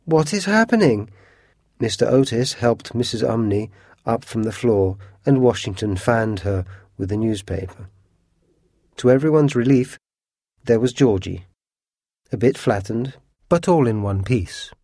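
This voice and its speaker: A man with a fairly low voice reads a storybook aloud, measured and expressive. The sound is dry and close, with no room around it. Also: no room sound. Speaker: narrator. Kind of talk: storybook narration.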